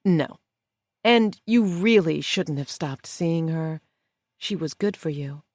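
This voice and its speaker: A woman voicing a smug, cold female schemer who speaks calmly and condescendingly. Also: sits low, dry recording, clean studio sound, exaggerated voice. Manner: calm, slow and condescending.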